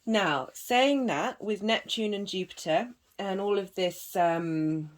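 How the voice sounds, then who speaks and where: A woman giving a tarot and astrology reading to viewers, gentle and meandering, with frequent pauses and filler words. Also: mid-range voice. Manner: gentle and meandering, with many ums and soft laughs. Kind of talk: slow, reflective spiritual reading to viewers.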